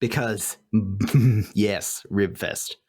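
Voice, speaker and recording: A man co-hosting a podcast in casual recap chat, animated and laughing often as he quotes lines. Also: fairly low pitch, extremely slow, breathy edge. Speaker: podcast co-host. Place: home room with light fan noise.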